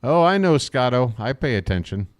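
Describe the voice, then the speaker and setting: A man calls a baseball game live for a stream in a mid-range voice. He wisecracks and chats with his viewers between pitches, switching easily from the count to the banter. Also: very animated, normal speed. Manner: chatty, wisecracking, talks to viewers in chat. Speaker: fan play-by-play commentator.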